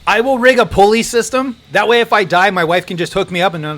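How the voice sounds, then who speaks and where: High-voiced guy streaming a game, super animated, swears a lot, faint music behind. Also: fast talker, hardly any pauses. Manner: animated, swears, laughs often, breaks into loud outbursts. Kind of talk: casual gaming stream chat.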